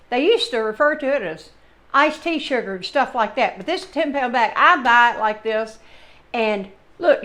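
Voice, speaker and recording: With a fairly high, slightly bright voice, this Southern American woman hosts a home cooking channel. She demonstrates casual home cooking in her kitchen, chatting and drifting into folksy, rambling asides. She comes from the Southern United States.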